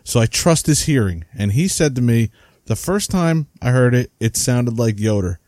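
A man with a New Jersey accent chats on a podcast in a relaxed, mellow voice, reading out listener comments and laughing between them. The sound is dry and close. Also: medium pitch, moderate pace, no echo. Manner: chatty, laughs while reading names. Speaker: podcast co-host.

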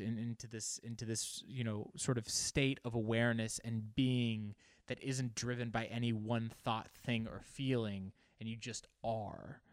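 A man's voice: medium pitch, no room sound, clean studio sound. A man giving a casual, reflective monologue, musing and searching for words as he talks.

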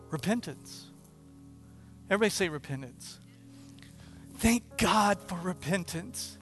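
A male pastor delivers a sermon in an animated storytelling manner, acting out quoted prayers with feeling. His voice sits high for a man. Faint music plays behind him. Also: moderate pace.

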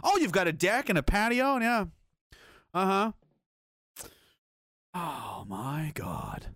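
A man with a slightly high voice delivers a heated, profane rant while reacting to news clips. His tone is sarcastic and fed up. The sound is dry and close, with no room echo. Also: wildly swooping pitch, slow, a bit bright. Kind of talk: ranting video commentary.

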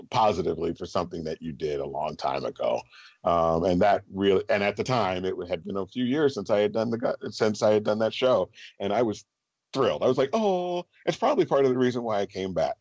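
A middle-aged man with a lowish voice tells stories as an interview guest, animated and quick to laugh. The recording is a little dull and very dry, like a close podcast mic. He talks casually, as if chatting with friends. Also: dry recording. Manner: animated storyteller, laughs often. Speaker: guest, stage performer.

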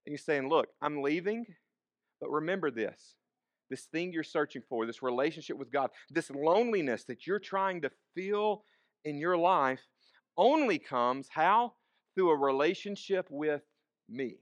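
A man's voice: a little high, animated, unhurried, dry recording. A man preaching a sermon, asking the congregation questions and repeating key phrases. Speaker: pastor.

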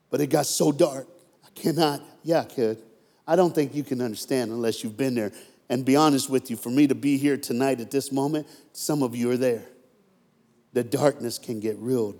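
American man preaching in an echoey hall. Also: medium pitch. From United States. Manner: storytelling, swings from hushed to loud and fired-up, jokes with the crowd. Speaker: motivational speaker. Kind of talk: live motivational sermon to a crowd. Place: large hall with a live audience. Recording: echoey hall with long reverb.

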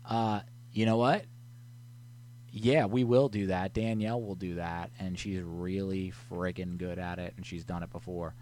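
A man's voice: fairly low pitch, steady tone, unhurried, darkish tone. A man hosting a casual live stream, reading viewer messages aloud in a laid-back way. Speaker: host.

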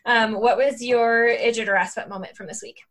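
A woman's voice: on the high side, fairly even intonation, fairly quick, a bit bright. A woman co-hosting a podcast in casual chat, talking in a rambling way with lots of "like" fillers and frequent laughter. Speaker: podcast co-host. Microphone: remote call mic.

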